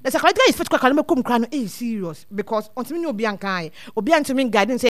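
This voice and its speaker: High-voiced woman giving earnest advice. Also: lively intonation, racing, few pauses, dry recording. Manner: earnest, repeats words as she thinks. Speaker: guest speaker on child welfare. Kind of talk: casual advice talk mixing two languages.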